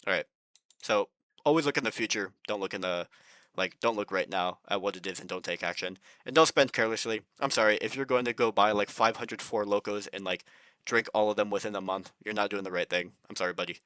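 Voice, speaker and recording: Casual rambling young man, bright dry voice. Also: on the low side, a little fast, clean tone, no room sound. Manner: rambling, loose and profane with many fillers. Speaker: finance vlogger. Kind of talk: casual advice monologue.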